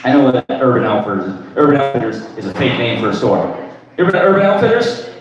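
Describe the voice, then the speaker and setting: On a comedy club stage, a man in his thirties rambles through crude open mic stand-up, very animated and fast, closing lines with "right?". His voice sits at medium pitch, recorded from a distance in an echoey room.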